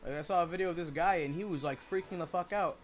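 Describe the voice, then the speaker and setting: A man's voice: on the high side, fast, faint music behind. A man chatting casually while he streams a video game, rambling and swearing as he retells stories.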